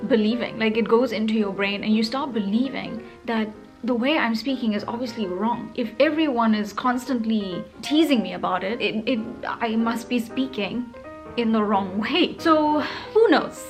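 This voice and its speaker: A woman's voice: a little high, moderate pace, soft background music. A woman in her thirties from South Africa, speaking South African Indian English with a British tinge, chatting expressively and teasingly to camera in a casual vlog. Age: 30s. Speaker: vlogger.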